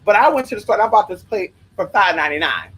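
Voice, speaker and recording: A spiritual worker telling rambling stories to viewers in a sassy, profane, animated way, often drifting into side tangents. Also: fast talker, a little hiss or hum, low-quality recording. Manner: profane, sassy and animated, with big pitch swings. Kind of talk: casual storytelling to viewers.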